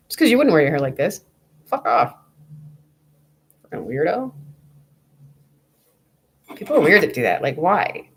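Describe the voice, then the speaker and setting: Casting: young woman vlogger, low gravelly voice, swings widely in pitch, swears freely. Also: big pitch swings, moderate pace, pauses often, slight background noise. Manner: blunt, profane, rambling. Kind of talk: casual vlog chat.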